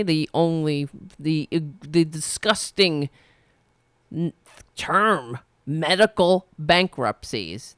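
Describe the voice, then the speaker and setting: A middle-aged woman hosts a political livestream in a furious, profane rant. Her voice sits low but swoops widely with feeling. It comes across smooth and clear, with a close, dry sound. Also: a bit bright, no room sound. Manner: angry, profane ranting. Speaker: political commentary host.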